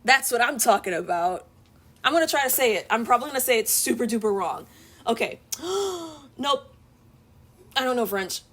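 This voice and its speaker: A woman's voice: a little high, expressive, brisk, pauses often, a bit bright. A young woman chatting casually while she draws on a live stream at home, rambling and laughing often. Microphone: streaming from an iPad.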